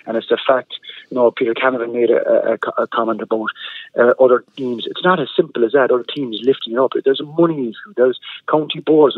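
An Irish man giving emphatic, animated football analysis on sports radio, repeating words for stress. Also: medium pitch, no echo. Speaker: GAA football pundit. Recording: tinny phone-line sound.

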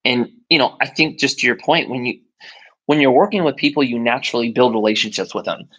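A man, a brewery co-founder, telling stories in a relaxed interview and acting out the people he quotes. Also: medium pitch, a little fast, poor audio. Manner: animated, acts out quoted voices while telling stories. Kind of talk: conversational interview storytelling.

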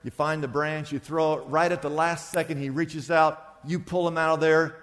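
A male pastor delivers a sermon, driving his points home through repetition and vivid storytelling. His voice sits high for a man. A long hall echo trails each phrase. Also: steady tone, moderate pace, a bit bright.

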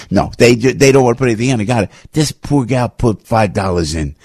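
An older man hosting a radio talk show, telling anecdotes in an emphatic, repetitive, rambling way with sudden swings in pitch. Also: quick pace, creaky, few pauses, husky, no echo, clean studio sound. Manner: emphatic, repetitive, restarts often. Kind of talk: rambling opinion monologue with anecdotes.

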